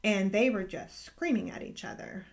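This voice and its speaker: A middle-aged woman telling a personal faith story in a casual, earnest way, growing emotional and halting with restarts. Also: mid-range voice, vocal fry. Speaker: podcast host sharing a personal faith story.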